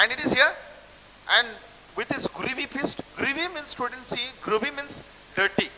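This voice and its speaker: An Indian English man lecturing a class on a story, with a high voice and a very bright, sharp tone. He repeats himself and circles back to define words. The recording carries a long echo and a faint hiss. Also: normal speed. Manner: repetitive, restarts phrases while explaining word meanings. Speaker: college English teacher. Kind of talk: explaining a textbook story to students.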